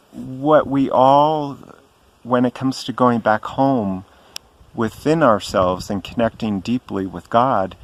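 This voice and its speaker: A middle-aged man telling a personal story to camera in a gentle, reverent way, pausing often with ums. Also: mid-range voice. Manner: slow and hesitant, frequent ums and pauses. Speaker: spiritual vlogger.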